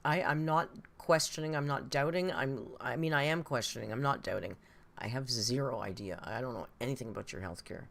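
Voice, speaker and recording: A woman's voice: very deep voice, fairly quick, vocal fry, a bit bright. A woman giving casual, sarcastic reaction commentary, blunt and swearing, answering viewers' comments as she goes. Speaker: commentary YouTuber.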